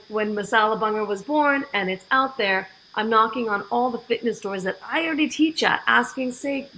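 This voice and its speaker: A woman guest on a podcast, telling her story in a lively way and acting out the dialogue she quotes. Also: mid-range voice, slight background noise, poor audio. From United States. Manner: animated, acts out quoted dialogue. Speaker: fitness program founder, guest.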